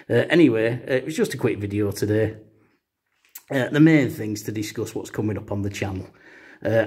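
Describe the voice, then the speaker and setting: Male vlogger, deadpan storyteller, lowish husky voice, lots of hesitations. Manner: rambling, full of uh fillers. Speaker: comedy vlogger.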